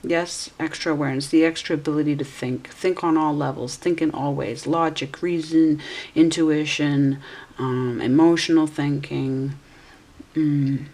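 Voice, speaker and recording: A woman's voice: low-pitched, fairly even intonation, unhurried, a little mellow. A woman in her forties giving a casual tarot reading, musing aloud and correcting herself as she goes. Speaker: tarot reader.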